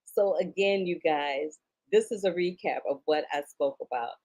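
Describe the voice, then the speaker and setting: Woman, middle-aged, film critic and interviewer, low voice, chatty, expressive, laughs easily. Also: normal speed. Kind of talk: casual interview and review recap.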